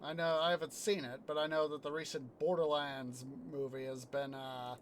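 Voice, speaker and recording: He's streaming a city-building game and chatting casually, recounting film scenes with sound effects amid plenty of fillers and false starts. The man's voice is on the high side, steady in tone and moderately paced, with a little hiss or hum.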